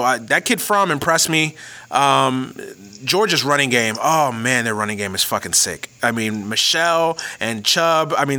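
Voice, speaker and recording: A man's voice: medium pitch, sharp tone. A man hosting a sports podcast, ranting casually with lots of cursing and stuttered restarts. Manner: profane, ranting, many restarts. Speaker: podcast host.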